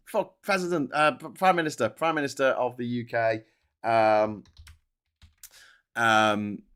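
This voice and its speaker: A man's voice: medium pitch, steady tone, takes it slowly, pauses often, a bit bright, clean tone. A man from Liverpool hosting a casual livestream chat, rambling and swearing often with frequent restarts. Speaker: host.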